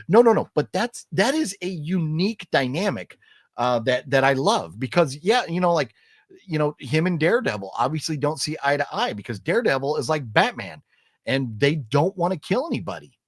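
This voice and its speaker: A man hosting a casual live chat, reading out chat messages as he goes, animated and rambling, with many fillers and restarts. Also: on the high side, normal speed, dry recording, studio quality. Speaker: livestream host reading chat.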